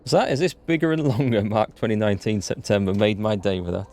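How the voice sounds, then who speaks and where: Chatty man with gravelly voice. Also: fairly low pitch, quick pace. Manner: chatty, excitable, greets chat viewers. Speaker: let's play host. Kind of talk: live gameplay commentary. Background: faint game music.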